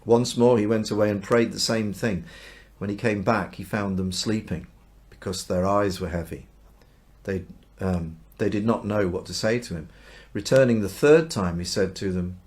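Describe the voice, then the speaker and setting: A man's voice: on the low side, normal speed. A man teaching the Bible in a chatty way, reading aloud and acting out the dialogue in everyday speech. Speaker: minister.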